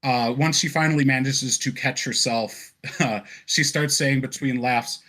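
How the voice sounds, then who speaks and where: A man narrating a tabletop game as game master, relaxed and descriptive, with frequent fillers and laughs. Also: medium pitch, a little slow.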